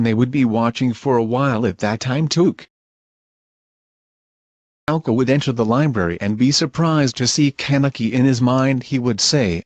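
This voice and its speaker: A male text-to-speech voice narrating fan fiction in an even, machine-like way. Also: medium pitch, normal speed, no echo.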